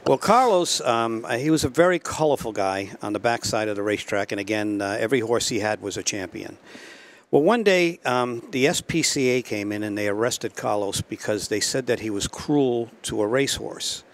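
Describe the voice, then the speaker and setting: A man telling a story in a casual talk show, animated, repeating himself and laughing at his own jokes. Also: mid-range voice, moderate pace. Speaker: guest, trailer company co-owner.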